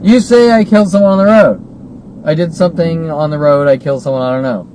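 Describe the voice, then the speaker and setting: The man here is a vlogger in his forties whose voice is a little high and mellow, and he talks fast. Driving along, he vents in an agitated, repetitive monologue full of rhetorical questions, captured on a noisy car recording.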